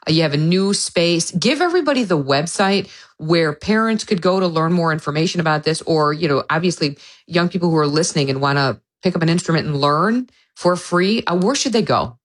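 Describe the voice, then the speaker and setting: A woman who hosts a radio show interviews a guest and congratulates her, speaking as a warm interviewer. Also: lowish voice, animated, brisk. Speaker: radio host.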